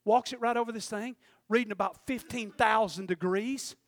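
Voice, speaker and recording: A preacher man delivering a sermon in a strikingly high voice, swinging from hushed asides to full shouts as he acts out his own prayers. The sound is close and dry, with no room around it. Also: normal speed, dry recording.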